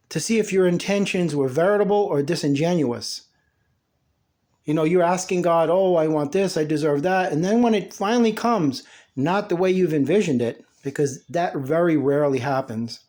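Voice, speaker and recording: A man's voice: a little high, a little mellow. A man giving a blunt, scolding motivational monologue, talking down excuses and self-pity. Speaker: motivational speaker.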